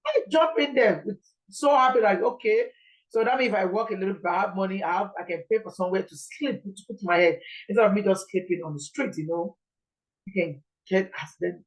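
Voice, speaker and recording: A woman's voice: on the low side, quick pace, rough recording. Earnest Nigerian woman preaching. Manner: earnest, repetitive, pleading. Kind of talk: informal sermon.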